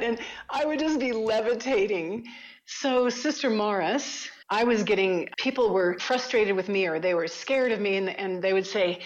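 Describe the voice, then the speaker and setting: A woman, a guest on an interview podcast, telling her story in a lively, conversational way and laughing often. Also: medium pitch, normal speed, dull audio. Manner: animated, laughs often, retells quotes.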